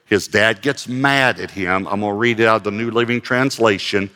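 A man's voice: lowish voice, moderate pace, pushed and bright, in a large hall. A male pastor giving a conversational sermon, reading scripture aloud and adding light self-deprecating humor.

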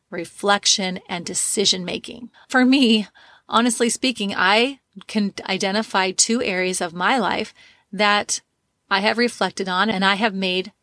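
A woman's voice: mid-range voice, fairly bright tone, no echo, clean studio sound. A woman in her fifties hosting a motivational podcast. She tells a story in a chatty way and then gives emphatic, encouraging advice to her listeners. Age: 50s. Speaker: podcast host, life coach.

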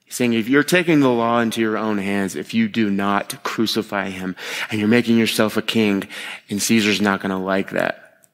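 Animated conversational male preacher. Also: moderate pace, big-room sound. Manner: conversational and animated, acting out quotes with sharp pitch jumps; expressive groans of disgust. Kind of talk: expository sermon to a live congregation.

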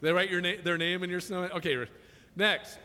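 A man's voice: sits high, steady tone, fairly quick, sharp tone. Man preaching in a big hall with lots of reverb, jokey storyteller who gets earnest. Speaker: pastor. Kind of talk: sermon with humorous stories. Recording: long reverb of a large hall.

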